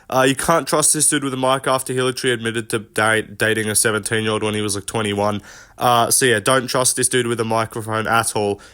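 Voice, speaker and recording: A man's voice: mid-range voice, a bit bright. A man giving casual, profane commentary as he ranks fighters, with lots of fillers in his talk. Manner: loose and profane, full of fillers. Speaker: MMA commentary YouTuber.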